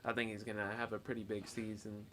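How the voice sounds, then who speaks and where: A man's voice: lowish voice, little pitch movement, fast talker, bright, forceful tone, a little hiss or hum. A young man co-hosting a student sports show, laid-back and chuckling, telling the news in a loose, rambling way. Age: young adult. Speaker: co-host. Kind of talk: casual sports talk. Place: student media studio.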